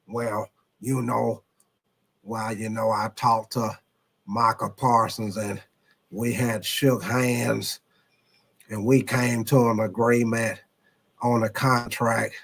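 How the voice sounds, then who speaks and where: Man doing a slow, deep-voiced older team owner. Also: little pitch movement, vocal fry, fairly bright tone, breathy edge, heavily acted. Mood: explaining. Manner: slow, halting, folksy drawl.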